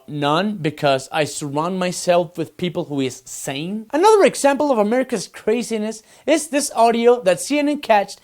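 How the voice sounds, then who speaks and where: Man, comedy news host, sarcastic, lively swooping pitch, mocking punchlines. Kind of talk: satirical comedy news monologue.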